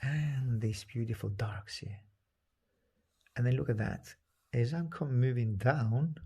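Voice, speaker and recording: A man giving a live painting demonstration, soft-spoken, thinking aloud, and often dropping to a whisper as he works. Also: mid-range voice, creaky, breathy edge. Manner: halting, thinking aloud with restarts. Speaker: painting teacher.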